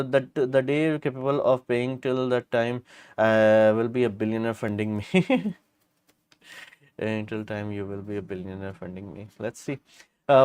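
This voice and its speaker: A man's voice: medium pitch, darkish tone. A middle-aged man, hosting a casual live stream and answering viewer questions in a blunt, rambling way full of fillers.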